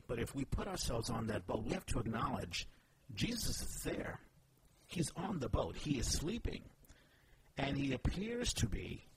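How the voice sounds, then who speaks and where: Earnest man talking faith, noisy recording. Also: medium pitch. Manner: earnest, emphatic, personal storytelling. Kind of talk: casual faith discussion. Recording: noisy background ambience.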